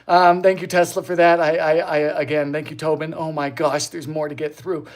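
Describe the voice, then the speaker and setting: This baking show host streams casually from his home kitchen, bantering playfully, reading out viewer comments, and erupting in goofy laughs. He talks fairly quickly with a fairly high pitch and a flat delivery.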